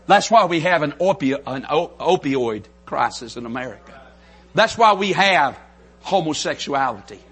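A middle-aged Southern preacher with a North Carolina drawl, his voice pitched high, bright and a little husky. He preaches with fervor, dropping to a near hush and then climbing to full shouts. It sounds like a sermon delivered from a church pulpit. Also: expressive, moderate pace. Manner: fervent, builds to shouts, drops to soft intimate lows. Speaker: pastor. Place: church sanctuary.

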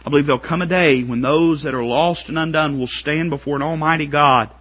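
Male preacher, sermon, bright forceful voice, builds to shouted pleading peaks, lo-fi church recording. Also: a little high, steady tone, brisk.

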